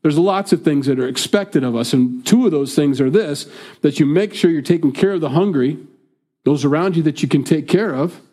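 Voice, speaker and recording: A man's voice: on the high side, normal speed, mellow. A man from the United States preaching a sermon in a conversational way, often acting out what others might say. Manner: conversational, acts out quoted speakers. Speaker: pastor.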